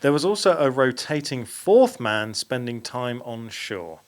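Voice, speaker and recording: A man's voice: mid-range voice, sing-song, unhurried. A man hosting a podcast, reading out facts and stopping to correct himself. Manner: reads aloud with fillers and self-corrections. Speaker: podcast host. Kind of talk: reading out facts in casual chat.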